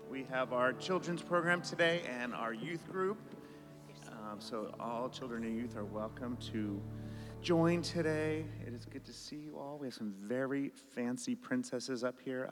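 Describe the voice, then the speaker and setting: A man leading a children's message as pastor, asking gentle questions. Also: medium pitch. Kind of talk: children's sermon. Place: church sanctuary. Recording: long reverb of a church hall.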